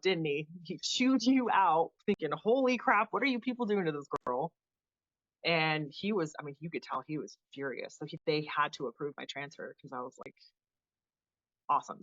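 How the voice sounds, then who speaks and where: Animated woman telling her story. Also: sits low, no room sound, dull audio. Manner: animated retelling, acts out quoted people. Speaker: podcast guest, Air Force veteran. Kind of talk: casual interview storytelling.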